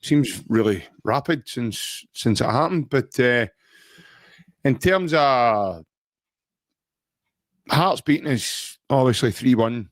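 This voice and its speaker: A Scottish man hosts a relaxed podcast chat in a mid-pitched voice. He talks chattily, laughs a lot and often restarts his sentences. The sound is dry, with no room echo. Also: slow pace, long pauses. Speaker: podcast host.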